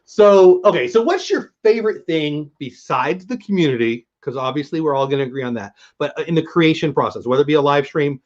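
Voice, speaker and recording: In slightly dull lo-fi audio, a man from San Diego, USA, runs a livestream interview. His voice sits on the high side, animated and fairly quick with few pauses, and his casual chat is rambling and self-deprecating.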